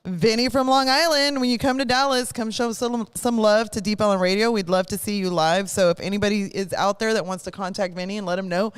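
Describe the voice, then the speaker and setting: A woman's voice: medium pitch, fairly even intonation, fairly quick, hardly any pauses, clear, resonant tone. A woman hosting a live radio show, chatting casually in a rambling, self-correcting way. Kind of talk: casual chat. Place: live broadcast studio.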